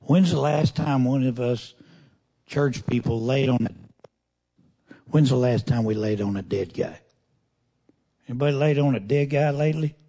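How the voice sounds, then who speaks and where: A man's voice: medium pitch, a little slow, vocal fry, pauses often, warm tone. A man preaching a sermon, reading scripture aloud and breaking off to ask the congregation pointed questions in a folksy, conversational way. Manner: reads scripture then comments in a folksy, conversational way.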